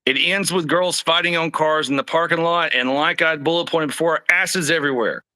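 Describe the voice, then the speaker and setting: A man's voice: a little high, moderate pace, pushed and bright. A man co-hosting a wrestling reaction stream, riffing casually with lots of fillers and swearing. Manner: profane, filler-heavy, jokey. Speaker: wrestling show co-host.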